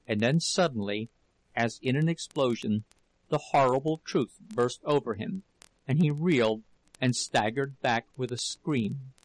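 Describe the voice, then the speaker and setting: Male audiobook narrator, slow measured delivery, dry close sound. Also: mid-range voice, dry recording, low-quality recording. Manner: measured, dramatic storytelling. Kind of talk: scripted narration of a novel.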